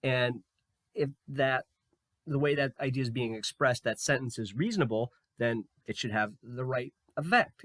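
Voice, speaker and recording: A man with a slightly hoarse voice walks through a coding tutorial, thinking aloud with fillers and restarts. He sits close to the mic in a dry room and talks at an ordinary, middle pitch. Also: moderate pace, fairly bright tone, no room sound. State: slightly hoarse, losing his voice. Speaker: programming tutor. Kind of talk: screen-recorded coding tutorial.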